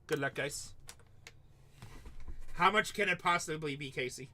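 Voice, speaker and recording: A man's voice: fairly high pitch, unhurried, sharp tone. A middle-aged man hosting a live card break, rambling and joking, casually swearing as he calls out teams. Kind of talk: livestream sales chat.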